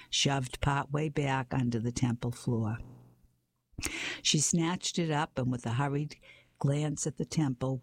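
A man reading a children's mystery story aloud in a steady storytelling way, sometimes going back to reread a phrase. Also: medium pitch. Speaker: narrator.

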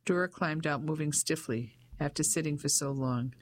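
Measured audiobook narrator. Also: mid-range voice. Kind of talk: scripted narration.

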